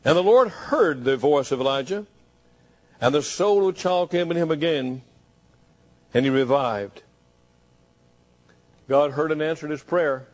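A man's voice: a little high, measured pace, long pauses, darkish tone, rough recording. A man preaching a fervent sermon, pressing the listeners with repeated rhetorical questions.

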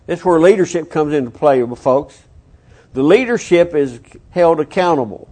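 A man's voice: fairly high pitch, normal speed, dark tone. A man preaching a sermon, reading scripture with folksy asides to the congregation. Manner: folksy asides, acts out the quoted lines. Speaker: pastor. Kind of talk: sermon, Bible reading with commentary.

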